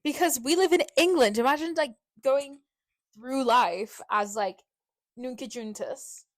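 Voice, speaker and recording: A woman's voice: sits high, a little slow, dry recording. Giggly young woman co-hosting a podcast. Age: young adult. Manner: giggly, playful, rambling. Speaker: podcast co-host. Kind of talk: casual chat. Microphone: new podcast microphone.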